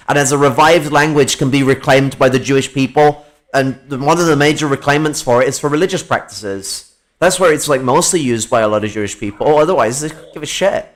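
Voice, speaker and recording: A man chatting casually about politics, swearing freely and rambling with laughs. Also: mid-range voice. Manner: profane, rambling, laughs often.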